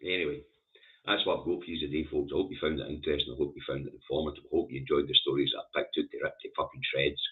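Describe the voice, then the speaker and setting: A man's voice: extremely low pitch, fairly even intonation, rapid-fire. A Scottish man hosting a news review stream, reading headlines and ranting about them with scorn and heavy swearing. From Scotland. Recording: tinny phone-like audio.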